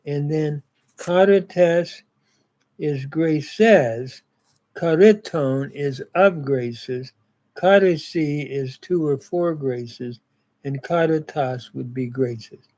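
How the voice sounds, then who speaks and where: A man teaching a grammar lesson in a slow, methodical way, pausing on fillers as he goes through word forms. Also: on the high side, warm tone, rough recording. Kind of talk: grammar lecture.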